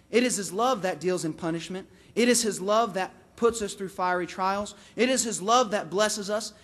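Male preacher, very high voice, impassioned, repeats phrases for emphasis. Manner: impassioned, rises to emphatic peaks then drops low on key words. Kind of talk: sermon.

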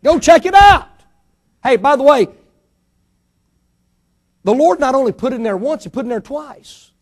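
A man with a noticeably high voice delivers a church sermon. He is middle-aged and emphatic, pressing rhetorical questions and letting his voice climb and drop for effect. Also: expressive, normal speed. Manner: emphatic preacher, rising and falling dynamically, rhetorical questions. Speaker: pastor.

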